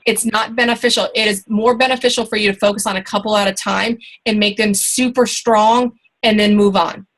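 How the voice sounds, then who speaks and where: A woman's voice: mid-range voice, fairly even intonation, brisk, hardly any pauses, a bit bright, poor audio. A woman in her thirties giving a motivational team training talk, chatty and encouraging, full of fillers and restarts. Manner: chatty, encouraging, many fillers and restarts, acts out quoted people.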